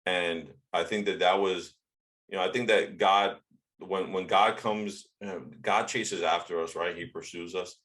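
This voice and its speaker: Brief: male podcast host, very low voice, earnest and reflective interviewer. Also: steady tone, measured pace, a bit bright. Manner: reflective, earnest, thinking aloud. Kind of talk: interview questions.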